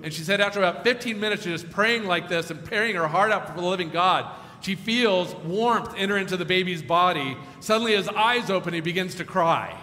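A man preaching a sermon as pastor, telling a story and moving between hushed, quiet passages and emphatic, raised ones. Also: high voice, fairly quick. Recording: echoey hall with long reverb and faint noise.

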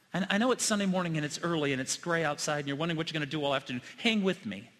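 Bright-voiced pastor in an echoing sanctuary. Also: male voice, high voice. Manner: earnest storytelling, swings from loud to hushed. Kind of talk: sermon. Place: church sanctuary. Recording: long hall reverb.

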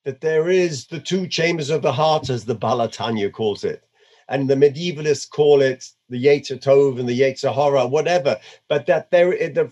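A man teaching a religious class in a lively, conversational way, dropping Hebrew phrases into his English. His voice sits a little high and rises and falls a great deal. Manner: animated and conversational, weaving Hebrew terms into English. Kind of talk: Torah lecture.

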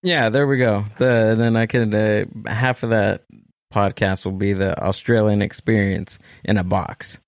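Socal guy hosting a podcast, low gravelly voice, dry close sound, rambles a lot. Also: fairly even intonation, a little slow, dry recording. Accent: Southern Californian. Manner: rambling and enthusiastic, many restarts. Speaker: podcast host. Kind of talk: casual chat.

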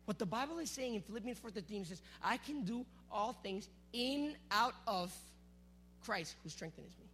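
A man preaching to a youth group, energetic and teasing, calling out to the crowd. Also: sits high, moderate pace, faint music behind. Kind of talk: sermon with object lesson.

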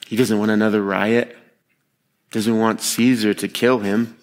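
A man preaching a sermon to a live congregation in a conversational, animated way, with expressive groans of disgust and quick voiced asides. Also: big-room sound. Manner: conversational and animated, acting out quotes with sharp pitch jumps.

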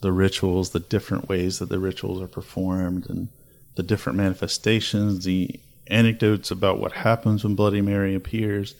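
A man with a fairly low, grounded voice hosts a relaxed podcast chat. He tells spooky folklore with a storyteller's pull and stacks up dramatic lists as he goes. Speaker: podcast host. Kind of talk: casual chat.

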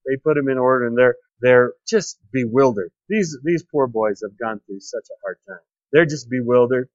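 A man giving a conversational sermon, retelling a Bible story with lively acted-out quotes and light laughter. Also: medium pitch, moderate pace, no echo, dull audio. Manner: animated storytelling, acts out quoted speech. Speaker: preacher.

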